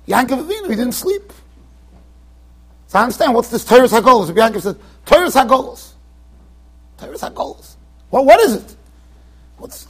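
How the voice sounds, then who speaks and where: A man giving an informal Torah lecture as a rabbi, animated and joking, repeating phrases for emphasis. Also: very high voice, breathy edge. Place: yeshiva lecture hall.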